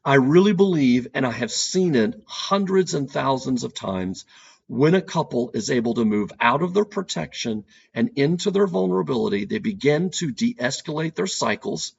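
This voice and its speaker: A man's voice: medium pitch, expressive, moderate pace, creaky, husky, muffled recording. A man speaking as a couples therapist on an educational podcast, earnest and repeating key points for emphasis.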